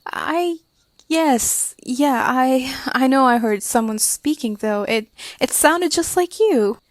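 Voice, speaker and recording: A woman's voice: sits high, takes it slowly, no echo. A woman voicing a young woman alone at night who stammers and grows scared, in a creepy story reading. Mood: uneasy. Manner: stammering, rising and insistent.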